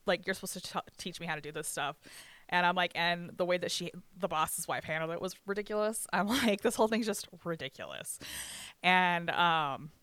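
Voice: mid-range voice, brisk, sharp tone, clear, resonant tone, no room sound. A speaker telling a work story in a casual chat, swearing freely and acting out what each person said, with laughs along the way. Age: adult with ten years of banquet work. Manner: swears freely, acts out quoted dialogue, frequent laughs.

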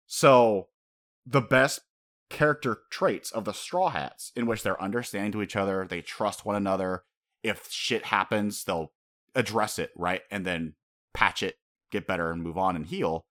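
A man with a fairly low voice talks through an animated film in a loose, casual review. His delivery is rambling and animated, and it is packed with "like" fillers. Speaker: podcast host reviewing an anime film.

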